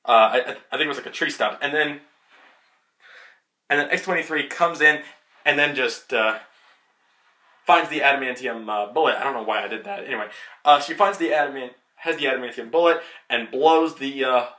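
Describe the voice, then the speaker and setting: A young man giving a casual, rambling movie spoiler review as a vlogger, excitable and full of fillers. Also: mid-range voice, moderate pace. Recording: echoey room.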